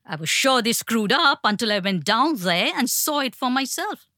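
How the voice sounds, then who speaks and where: A woman reading a story, voicing an enraged, threatening middle-aged father who shouts and hollers. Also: fairly high pitch, very animated, moderate pace, no room sound, studio quality. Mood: raging.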